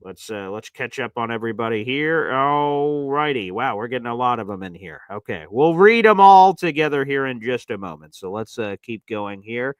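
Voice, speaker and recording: A man's voice: medium pitch, sing-song, normal speed, hardly any pauses, clean tone, no room sound, clean studio sound. A man hosting a casual sports livestream, hyped up and calling his viewers "baby" as he reads off gifts. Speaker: livestream host.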